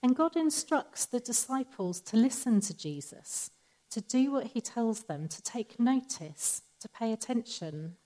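A woman giving a sermon in a calm, measured, conversational teaching manner. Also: on the high side, poor audio. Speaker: preacher.

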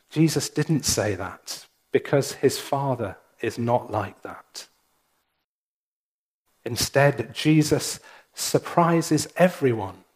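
A male minister delivering a sermon in a slow, deliberate cadence. His voice sits at an ordinary middle pitch, and he leaves room between phrases. He speaks in a church. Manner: slow, measured preaching with pauses.

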